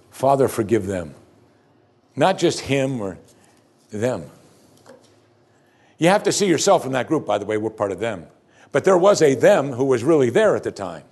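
A man's voice: medium pitch, a little mellow. A man preaching a sermon as pastor, earnest and emphatic, repeating key phrases and breaking into conversational asides between scripture readings.

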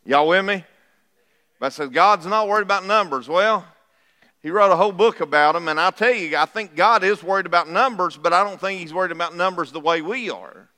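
A man's voice: high voice, fairly quick, bright, forceful tone. A middle-aged man, preaching a sermon to his church in a folksy, conversational way and asking the congregation questions as he goes. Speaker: pastor. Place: church sanctuary. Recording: reverberant church hall.

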